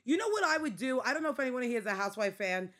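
A woman with a Staten Island New York accent, co-hosting a casual podcast chat in an animated, laughing, exclamatory way. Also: fairly high pitch, rapid-fire. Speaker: podcast co-host.

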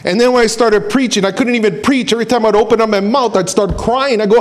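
A man's voice: high-pitched, fast, hardly any pauses. A male preacher giving an emphatic, storytelling sermon.

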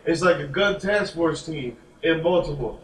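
A man's voice: a little high, normal speed, a bit bright. Man joking loosely in an echoey room. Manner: loose, joking, tells stories with acted quotes. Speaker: podcast co-host. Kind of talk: casual banter among friends. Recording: echoey room, distant mic, faint noise.

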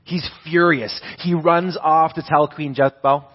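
A man's voice: fairly high pitch, fairly even intonation, a little slow, breathy edge, highs cut off. A young man, a pastor, preaching a sermon in a conversational storytelling way, with many restarts.

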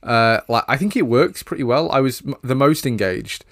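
A man's voice: mid-range voice, lively intonation, moderate pace, no room sound, studio quality. A man co-hosting a casual film review chat, sarcastic and swearing casually. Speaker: podcast co-host.

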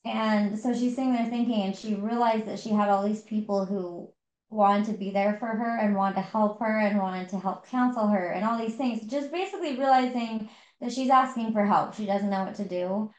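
A woman's voice: medium pitch, normal speed, darkish tone. Woman podcast co-host, casual and rambling, roomy echo. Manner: chatty, many fillers and restarts. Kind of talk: casual book discussion. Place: home.

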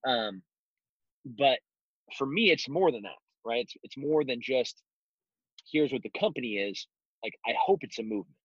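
A man's voice: medium pitch, expressive, normal speed, pauses often, a bit bright, husky, dry recording. A man talking bluntly in an interview, telling stories with mocking asides. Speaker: guest, self-defense instructor. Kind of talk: casual interview talk. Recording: dull lo-fi recording.

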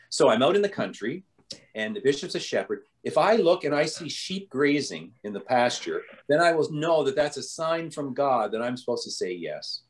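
A man's voice: mid-range voice, big pitch swings, normal speed. A man, a bishop telling stories from his life in an interview, rambling with frequent restarts. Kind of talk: storytelling in an interview.

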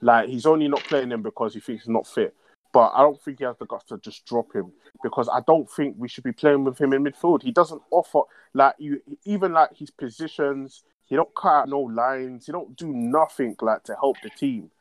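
A man's voice: medium pitch, moderate pace, no room sound. A young man ranting in a casual football chat, swearing a lot in street slang. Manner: frustrated, slangy, swears often. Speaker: football fan podcast host.

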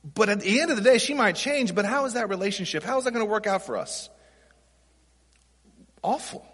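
A pastor with a high, husky voice preaches in a relaxed, conversational way, tossing out rhetorical questions to the congregation. His voice rings out in a hall with a long reverb. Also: fairly quick. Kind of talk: sermon.

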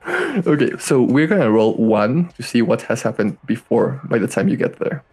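A man's voice: medium pitch, sing-song, moderate pace, darkish tone, husky. A man running a tabletop game as game master, narrating casually and animatedly with laughs.

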